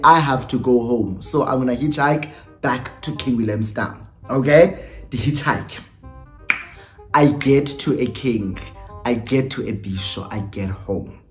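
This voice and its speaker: A young man from South Africa with an Eastern Cape accent, telling a storytime tale in casual chat and mixing English with Xhosa slang. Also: fairly high pitch. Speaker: YouTuber.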